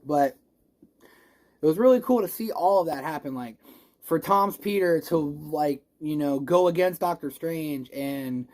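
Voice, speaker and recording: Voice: mid-range voice, measured pace. A movie reviewer in a casual spoiler review vlog who says they are a little stoned. They ramble and gush, swear freely and restart sentences often. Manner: rambling, gushing, swears a lot; excitable, emotional, restarts often.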